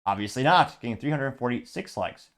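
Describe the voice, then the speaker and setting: Male commentary host, sarcastic and mocking, rambling casual delivery, average pitch. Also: lively intonation, fairly quick, vocal fry. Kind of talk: casual commentary reading social media comments.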